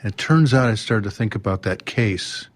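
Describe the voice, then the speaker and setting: A man as a podcast guest, telling a story with lively restarts and acting out voices and sounds. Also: fairly low pitch, moderate pace. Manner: animated, acts out quotes and sounds, many restarts. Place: drum showroom.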